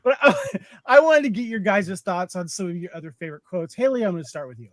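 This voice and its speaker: A man hosting a casual podcast chat, halting with fillers and often laughing. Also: high voice, animated, no echo. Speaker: podcast host. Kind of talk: casual group chat about a film.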